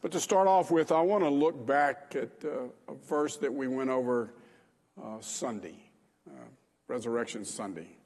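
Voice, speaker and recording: A male pastor preaches in a relaxed, conversational way, stopping for small fillers as he goes. His voice is husky and mid-pitched, with a long reverb hanging in the church hall. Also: measured pace. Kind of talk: sermon.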